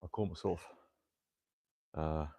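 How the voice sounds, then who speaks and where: A man's voice: extremely low pitch, steady tone, slow pace, vocal fry, mellow, no room sound, lo-fi sound. An Australian man chatting casually on a home workout livestream, rambling with lots of fillers and mild swearing. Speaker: fitness livestreamer. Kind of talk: casual live-stream chat while exercising. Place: at home, indoors. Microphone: clip-on mic that falls off at times.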